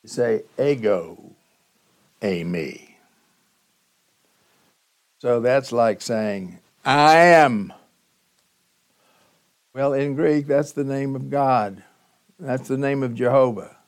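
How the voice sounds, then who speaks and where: A male pastor delivering a sermon at an unhurried, deliberate pace. His voice sits in an ordinary middle register, and he leans hard on key words with dramatic pauses between phrases. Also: mid-range voice, a little mellow. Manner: slow, emphatic teaching with dramatic pauses.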